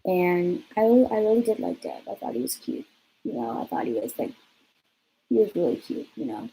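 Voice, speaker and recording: A young woman talks straight to camera in a loose storytime vlog, chatty and blunt, swearing without a second thought. Her voice is mellow and a little dark. A faint hiss sits under the recording. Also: on the low side, very animated, fairly quick, gravelly, rough recording. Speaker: vlogger.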